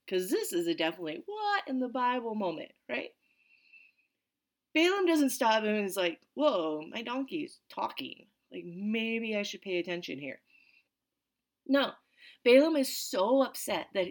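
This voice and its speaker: This woman, with a medium-pitched voice, reads Bible verses and then discusses them in a lively, casual way, sprinkling in plenty of asides as she teaches the study.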